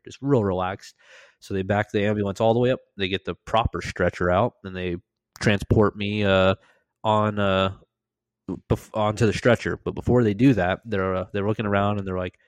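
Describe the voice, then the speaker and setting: Male podcast host, lowish voice, dry close sound, lively profane storyteller. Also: moderate pace, no room sound. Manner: animated, profane, acts out quoted lines. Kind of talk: casual storytelling.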